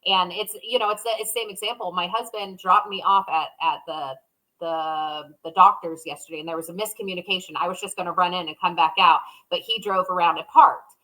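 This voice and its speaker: A woman co-hosting a casual podcast, her voice bright and forward. She talks openly and emotionally, often acting out her inner thoughts as quoted voices. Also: fairly low pitch, steady tone, a little fast, rough recording. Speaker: podcast co-host. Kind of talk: casual conversation.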